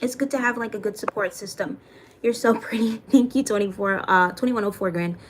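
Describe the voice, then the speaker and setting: On a livestream, a young adult woman chats casually, reads comments, thanks viewers by name and swears now and then. Her mid-range voice is brisk, with background noise behind it.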